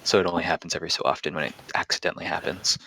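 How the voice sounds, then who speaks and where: A man's voice: low voice, steady tone, racing, bright, forceful tone, no room sound. A man narrating as game master on a live stream, rambling and self-deprecating with many fillers.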